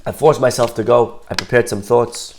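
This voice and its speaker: A man giving a storytelling talk, lively and acting out the people he describes. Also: medium pitch, normal speed, a little hiss or hum. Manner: animated, acts out the people in his story. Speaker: speaker.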